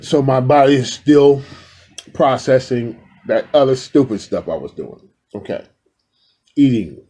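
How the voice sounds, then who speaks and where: Husky, mellow-voiced man chatting to camera. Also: medium pitch, measured pace, pauses often. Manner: loose and rambling, addresses viewers directly, affectionate. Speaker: spiritual vlogger. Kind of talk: casual talk to camera.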